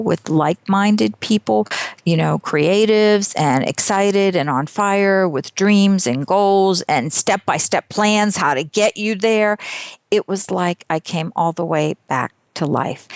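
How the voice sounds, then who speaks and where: A woman's voice: lowish voice, no echo. A middle-aged woman, an author, telling her story in an interview, laughing often and acting out quotes. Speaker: author and speaker, podcast guest.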